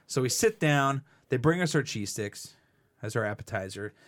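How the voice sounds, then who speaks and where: A man co-hosting a podcast, telling animated stories in casual chat and swearing freely. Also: medium pitch, normal speed. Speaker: podcast co-host.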